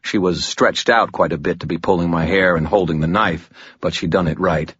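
A man narrating a fantasy audiobook in the first person, with tense, measured storytelling. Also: low voice, fairly bright tone, breathy edge, dry recording, dull audio.

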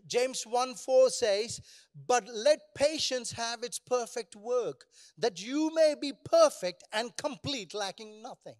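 High-voiced preaching pastor, man. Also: slow. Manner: preaching with rhetorical questions and call-and-response. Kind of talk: sermon.

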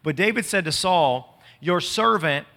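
A man preaching a sermon, swinging from impassioned shouting to relaxed conversational asides. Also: sits high, measured pace, long reverb tail.

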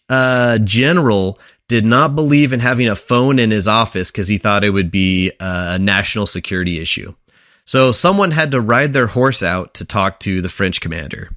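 Male podcast co-host, mid-pitched, dry close mic, casual storyteller who quizzes the table. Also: a bit bright, dry recording. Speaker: podcast co-host presenting a history segment.

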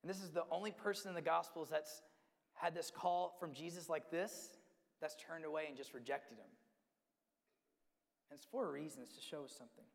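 Gravelly high-voiced man preaching in a hall. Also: a little fast, pauses often. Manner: emphatic, acts out quotes, repeats words. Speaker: pastor. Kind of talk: sermon. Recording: long hall reverb.

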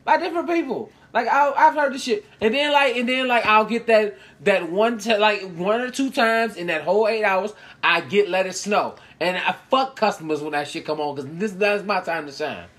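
A woman's voice: medium pitch, normal speed, hardly any pauses, fairly bright tone. A woman, co-hosting a casual chat with blunt, joking, profane banter.

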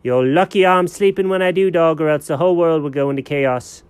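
A man doing a smug, high-pitched scheming cat. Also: a little fast, clean tone, dry recording, natural voice. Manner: high, fussy and know-it-all.

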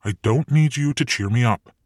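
A man's voice: medium pitch, normal speed, a little mellow, dry recording, clean studio sound, lightly acted. A man voicing a grumpy, weary male Devil in an audiobook, curt and sullen.

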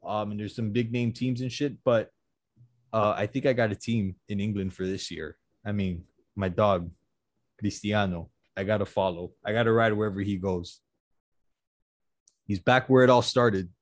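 A man's voice: fairly low pitch, steady tone, moderate pace, no echo. A man hosting a casual sports chat, laid-back and slangy, often restarting his sentences. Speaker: podcast host.

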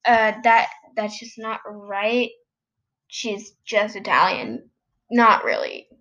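A woman's voice: medium pitch, fairly even intonation, slow pace, fairly bright tone, highs cut off. A teenage girl cutting in with flustered, over-apologetic remarks about her own podcast. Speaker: podcast co-host.

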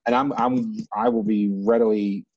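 A low, husky-voiced American man speaks over a dry, dull-sounding mic. He talks loosely and reflectively, restarting often as he works his thoughts out. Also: fairly even intonation, normal speed, a little mellow, dry recording. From United States. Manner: rambling, reflective, with many restarts. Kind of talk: casual conversation.

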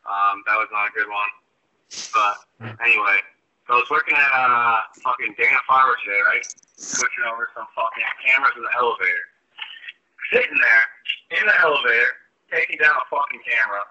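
A man's voice: medium pitch, brisk, pushed and bright, a little hiss or hum. A young man calling in to a podcast by phone, telling a profane, exasperated rant about people at work. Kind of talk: ranting voice message. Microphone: phone on speaker. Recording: muffled phone playback.

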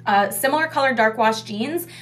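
A woman's voice: a little high, moderate pace, a bit bright. A young woman telling a casual story about her restaurant takeout job. She swears freely and says "like" a lot. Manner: chatty, swears freely, heavy use of "like".

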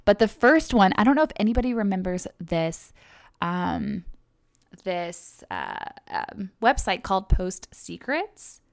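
A woman's voice: medium pitch, big pitch swings, a little slow, gravelly, dry recording, clean studio sound. A young woman from Kentucky hosting her own podcast, talking in a chatty, rambling way with lots of fillers and self-corrections. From Kentucky, USA. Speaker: podcast host. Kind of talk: casual solo podcast monologue.

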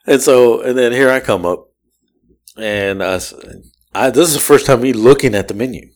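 A man hosting a podcast, telling a story in casual chat, animated and profane, laughing often and imitating the people he describes. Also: medium pitch, moderate pace. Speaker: podcast host.

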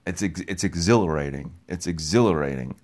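Man, very low voice, young adult, casual rambling monologue, repetitive, excitable, swears casually. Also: a little fast. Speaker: podcast host.

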